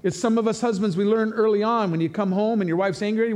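Pastor guy preaching in church, kinda high voice, chatty and animated, does little voices for quotes. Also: quick pace. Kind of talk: sermon.

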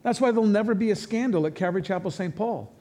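A man preaching a sermon as pastor, in a conversational, animated way, acting out quotes. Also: sits high, fast talker.

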